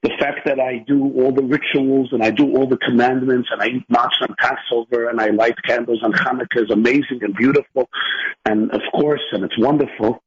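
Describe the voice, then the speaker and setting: A man's voice: mid-range voice, fairly even intonation, fairly quick, slightly rough, lo-fi sound. A man who is a rabbi co-hosting a radio talk show, making his point emphatically with long rhetorical lists. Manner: emphatic, builds lists for effect. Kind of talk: radio talk, earnest explanation.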